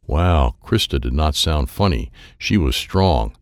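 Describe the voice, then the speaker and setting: A man narrating a children's story in an expressive, playful read with sound effects. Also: a bass voice, measured pace, hardly any pauses, no room sound, clean studio sound. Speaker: audiobook narrator.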